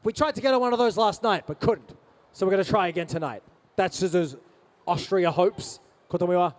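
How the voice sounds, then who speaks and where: Man, high-pitched voice, playful stage banter, convention Q&A, teasing. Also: fairly quick. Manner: playful, teasing, mixes in Japanese phrases. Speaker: band singer answering fan questions.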